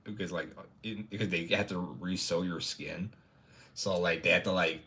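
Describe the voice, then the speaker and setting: Deep-voiced, rambling young male streamer. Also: normal speed, pushed and bright. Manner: rambling, stammering, laughs often. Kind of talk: casual livestream chat.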